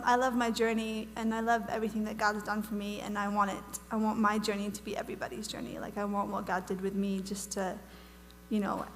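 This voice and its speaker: A young Welsh woman who has lost her accent and now sounds American gives a bubbly, chatty testimony as a guest speaker at a church conference, full of fillers and restarts. Her medium-pitched voice is a bit bright, and the church hall recording is reverberant with a faint hum.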